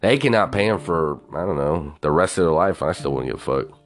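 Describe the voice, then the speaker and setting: A man's voice: rumbling low, animated, brisk. A man ranting in a casual, profane way, incredulous and swearing constantly.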